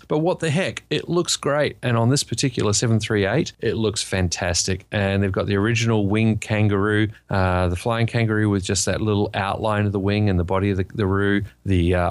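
A man's voice: fairly low pitch, no echo. A man in his forties from New Zealand, co-hosting a casual aviation podcast with enthusiastic, jokey, slangy chat. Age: 40s. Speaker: podcast co-host.

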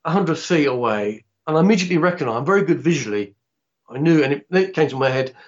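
A man, telling a long anecdote in a rambling, halting way with many restarts. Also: fairly high pitch, animated, highs cut off. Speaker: interviewee, film actor. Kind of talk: casual anecdotal storytelling.

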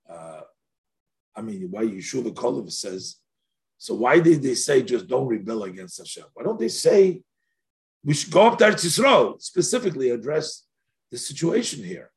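In a creaky, medium-pitched voice, a man teaches a Torah text-study lesson. Questions are worked through aloud with his voice rising as he poses them, and Yiddish and Hebrew phrases turn up throughout.

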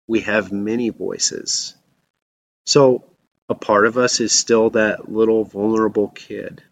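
Low-voiced man preaching a sermon. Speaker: pastor.

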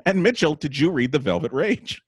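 A man hosting a podcast, telling stories in a rambling, animated way and laughing often. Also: fairly high pitch, moderate pace, husky, no echo, clean studio sound. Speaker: podcast host. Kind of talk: casual storytelling chat.

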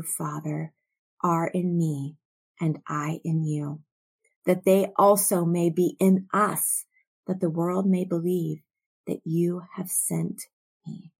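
A woman teaching from scripture in a slow, reflective way, sometimes dropping to soft near-whispers. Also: lowish voice, slightly rough. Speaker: Bible teacher.

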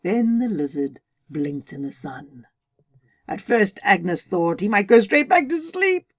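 Slow, upbeat woman storyteller. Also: medium pitch, very animated. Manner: bubbly, chatty and upbeat. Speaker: podcast host and storyteller. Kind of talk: storytelling podcast narration.

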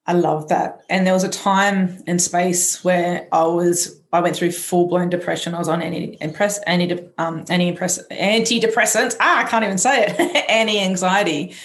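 Candid woman sharing her story, lower pitch, echoey room sound. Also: fairly even intonation, normal speed, few pauses. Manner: earnest and candid, stumbles over words. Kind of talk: personal storytelling in conversation.

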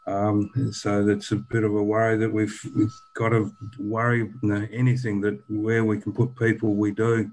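A man's voice: lowish voice, darkish tone, a little hiss or hum, low-quality recording. An older man, a rally organiser talking casually in an interview, rambling with many restarts and fillers.

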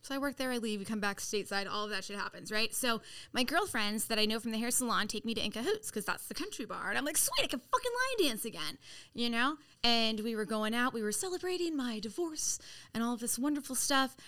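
A middle-aged woman from San Diego telling her life story on a podcast in a blunt, profane, animated way. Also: fairly high pitch, fast. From San Diego, California. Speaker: podcast guest. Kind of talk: casual storytelling.

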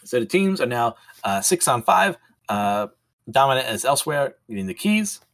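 A man's voice: medium pitch, big pitch swings, moderate pace, creaky, fairly bright tone, no echo. A man casually reading comics aloud and commenting, chatty and often laughing. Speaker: manga reviewer.

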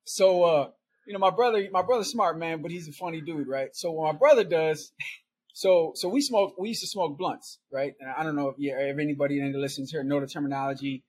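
A man's voice: on the high side, brisk, a little mellow, slightly rough. Laughing, rambling man telling a story. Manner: rambling, laughs often, repeats "right?" and "man". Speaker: podcast guest storyteller. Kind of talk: casual storytelling.

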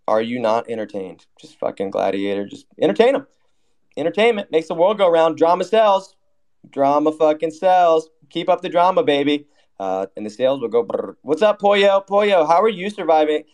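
A man's voice: fairly high pitch, lively intonation, fairly quick, a little mellow. A man hosting a casual online audio chat, brash and joking, with plenty of swearing. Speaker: host of an online audio room.

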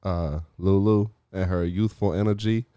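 Deep, exhausted man hosting a podcast. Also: moderate pace, clear, resonant tone, no room sound, clean studio sound. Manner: profane, deadpan. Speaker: podcast host. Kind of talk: casual chat.

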